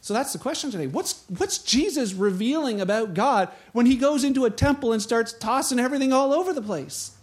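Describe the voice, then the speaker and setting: A male pastor preaches a sermon, animatedly telling scripture stories and acting out the voices of the people in them. His voice is extremely high-pitched, and he speaks briskly with hardly any pauses.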